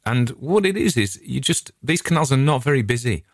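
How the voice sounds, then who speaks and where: A middle-aged man from England hosts his own podcast and chats in a casual, rambling way, a friendly storyteller prone to digressions. His mid-range voice is animated and brisk. The recording is dry and studio quality.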